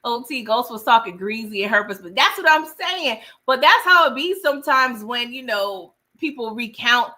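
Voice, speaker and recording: A woman's voice: fairly high pitch, lively intonation, normal speed, few pauses, pushed and bright. A young woman chatting casually through a TV episode recap on a livestream, laughing and greeting viewers by name. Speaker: TV show recap host.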